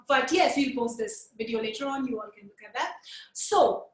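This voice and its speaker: A woman teaching puppet lip sync in a live webinar, energetic and coaxing, counting along with her viewers over a video call. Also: on the high side, roomy sound.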